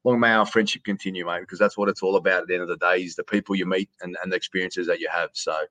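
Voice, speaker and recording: A man's voice: deep voice, steady tone, very fast, bright, forceful tone. A man with an Australian accent, a stadium announcer chatting as a guest on a podcast, rambling and repeating words, calling the host mate. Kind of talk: casual podcast conversation. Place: hotel quarantine room.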